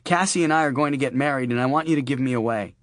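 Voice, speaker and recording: A man's voice: medium pitch, rapid-fire, a bit bright, no echo, voice pushed up, natural voice. A male narrator voicing a brash adult woman who talks bluntly and swears, with a dry close recording. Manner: brusque, teasing and swearing.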